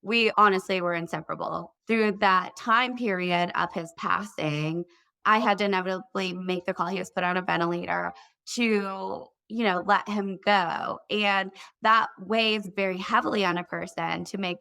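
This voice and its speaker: A woman in her thirties tells her personal story candidly as an interview guest. Her bright voice has a gravelly edge of vocal fry, and she speaks earnestly in quick bursts. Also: medium pitch, fairly even intonation. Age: 30s.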